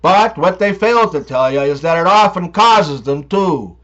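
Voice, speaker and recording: A man telling jokes and short comic stories in a sarcastic, lively way, shifting his voice for the characters. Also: on the high side, measured pace, highs cut off. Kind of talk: joke telling.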